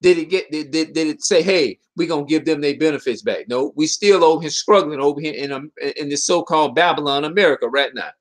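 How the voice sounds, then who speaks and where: Speaking fast and with few pauses in a fairly high voice, a video commentator preaches an impassioned monologue at his viewers. He hammers the same rhetorical questions, tripping up and restarting mid-sentence.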